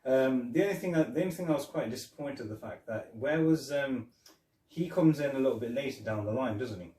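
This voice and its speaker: A man co-hosts a podcast, casually reviewing a film with a brisk, warm, medium-pitched voice. He rambles with plenty of fillers, retelling scenes with quoted lines and laughter. The room is echoey with a distant mic and slight background noise.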